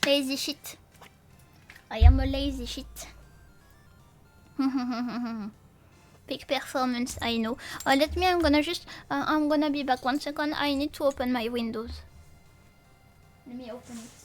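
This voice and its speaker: High-voiced sleepy woman streamer, slow-spoken. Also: soft background music. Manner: silly, playful, rambling with nonsense rhymes; counting dumbbell lifts aloud. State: sleepy, yawning. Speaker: vtuber streamer. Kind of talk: casual late-night livestream chat.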